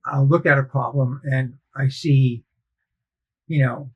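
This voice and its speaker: A man in casual conversation, recounting his sales career in a measured, logical way and acting out past exchanges with customers. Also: medium pitch, steady tone, slightly rough, highs cut off.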